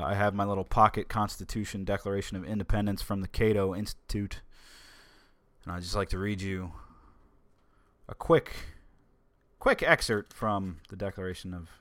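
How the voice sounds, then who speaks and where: Brief: American man, podcast host, fairly low voice, loose rambling delivery with restarts, dry close sound. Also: normal speed, fairly bright tone, no room sound. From United States. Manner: rambling, stumbles and restarts often. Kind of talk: casual solo podcast chat.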